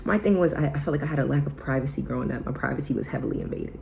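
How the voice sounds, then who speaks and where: Low gravelly woman, soft-spoken vlogger. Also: racing, a little hiss or hum, rough recording. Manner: soft and intimate, slipping into whispers, casual slang. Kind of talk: heartfelt self-help talk.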